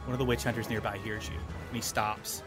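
A man narrating a tabletop game as game master, playful and quick to slip into little voices. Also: fairly low pitch, flat delivery, music in the background.

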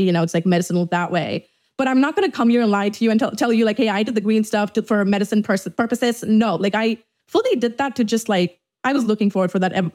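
A woman's voice: mid-range voice, darkish tone. A young woman from Dubai hosting her podcast, talking through personal struggles in a frank, profane way, with many restarts and fillers. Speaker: podcast host. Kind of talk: candid confessional monologue.

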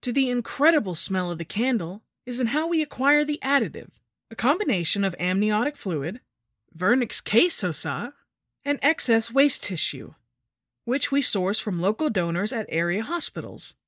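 A woman putting on a proud, high-voiced factory worker. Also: big pitch swings, normal speed, fairly bright tone, no echo, clean studio sound.

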